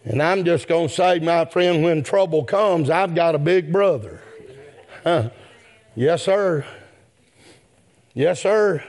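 This man preaches to his congregation, repeating "my friend" and "yes, sir" as refrains and building to shouted peaks. His voice sits on the high side, and he moves slowly with frequent pauses.

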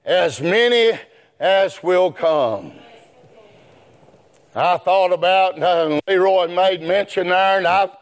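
A man preaching a sermon, rising into chanted shouts. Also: sits high, clean tone.

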